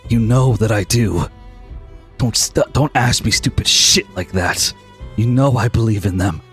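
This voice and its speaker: A man voicing a desperate young man who pleads and shouts to reach the woman he loves. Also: fairly low pitch, measured pace, soft background music. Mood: pained.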